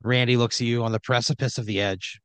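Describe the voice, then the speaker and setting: A man's voice: medium pitch, steady tone, fast talker, fairly bright tone, smooth, no room sound. A man improvising a comedic horror story in a loose, rambling way full of fillers.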